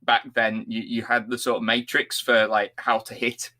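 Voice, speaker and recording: Bright-voiced jokey man. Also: medium pitch, flat delivery, moderate pace. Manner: jokey, laughs at his own jokes. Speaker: podcast co-host. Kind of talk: casual chat.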